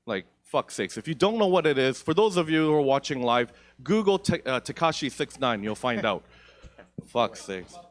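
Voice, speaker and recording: Young guy doing stand-up, swears a lot, rambly and self-deprecating, average pitch, stage mic. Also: sing-song, normal speed. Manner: profane, rambling, self-mocking. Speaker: stand-up comedian. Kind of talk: stand-up comedy. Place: theatre stage.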